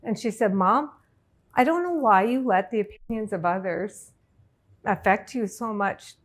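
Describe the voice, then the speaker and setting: A middle-aged woman, a life coach, telling a personal story to an audience in an emotional, halting way. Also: medium pitch. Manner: emotional, halting, tearful at times.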